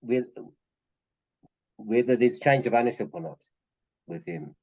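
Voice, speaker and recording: A man's voice: mid-range voice, unhurried, darkish tone, lo-fi sound. A man taking part in a casual group study over a call, hesitating and repeating words as he thinks aloud.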